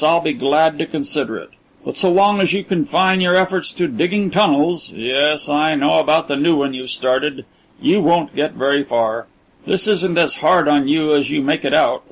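A wealthy captor speaks to his prisoners coolly and with open scorn, never hurrying, as a male narrator voices him. The voice sits a little high for a man. It comes across as a storybook reading. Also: rough recording. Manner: cool, measured, scornful. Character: cold, scornful rich man holding captives.

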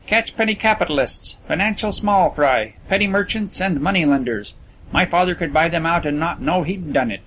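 A man's voice: on the high side, animated, normal speed, a bit bright, slight background noise. A man reading aloud, voicing a haughty rich teenage schoolboy who boasts about his father's wealth. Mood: scornful. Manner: haughty, dismissive.

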